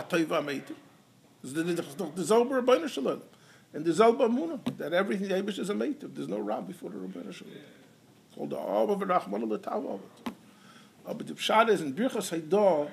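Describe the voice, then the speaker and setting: Man, Torah lecture, high gravelly voice, animated emphasis, Hebrew and Yiddish terms, faint background hum. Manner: storytelling with quoted dialogue. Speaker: rabbi teaching halacha.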